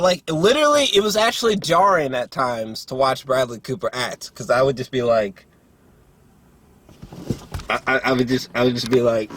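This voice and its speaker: A young man giving a casual movie review, rambling and profane, with lots of filler words and throat clearing. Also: medium pitch, a bit bright. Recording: faint background noise.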